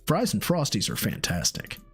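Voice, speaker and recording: Sarcastic, profane streamer with a lively voice. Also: male voice, mid-range voice, moderate pace, breathy edge, soft background music. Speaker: streamer reacting to a food review. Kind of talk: casual live-stream commentary.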